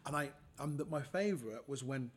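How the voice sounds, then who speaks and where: Animated man telling stories. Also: mid-range voice, a little fast, husky. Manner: animated storyteller, acts out the people in his stories. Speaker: podcast guest, comedian. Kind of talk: casual anecdotal storytelling.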